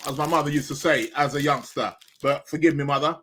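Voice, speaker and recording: A man's voice: fairly high pitch, fairly even intonation, fairly quick, sharp tone, a little hiss or hum. A man hosting a live astrology podcast, chatting casually with many fillers and restarts while eating. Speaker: podcast host. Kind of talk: casual live-stream chat.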